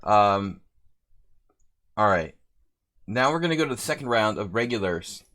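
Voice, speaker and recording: A man's voice: fairly low pitch, lively intonation, a little slow, a bit bright. Rambling, chatty male chess streamer. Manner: rambling, chatty, reads out viewer names. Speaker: chess streamer hosting a simul. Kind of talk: casual live-stream chat.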